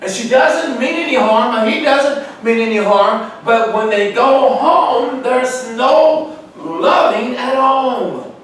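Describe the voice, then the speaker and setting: A man's voice: very high voice, slow pace, fairly bright tone. A man leading a church Bible study who quizzes the group and answers them with emphatic calls. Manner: asks questions for the group to answer, sudden emphatic outbursts. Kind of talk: call-and-response Bible study teaching. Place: church room. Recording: echoey church room from far off, faint noise.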